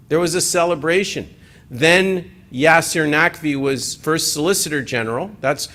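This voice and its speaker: A man giving a presentation at an assembly, talking in an animated, conversational way with joking asides. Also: fairly high pitch. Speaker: conference speaker.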